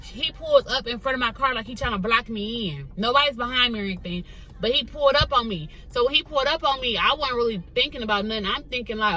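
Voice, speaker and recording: A woman's voice: fairly high pitch, fast talker, low-quality recording. A young woman chatting casually as she tells a story from her car, talking straight to her viewers. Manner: chatty, animated, addresses viewers as "girl". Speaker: vlogger telling a story. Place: parked car.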